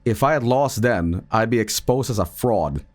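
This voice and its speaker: A man's voice: on the low side, animated, normal speed, darkish tone. A man giving casual stream commentary in a profane, jokey and self-mocking way.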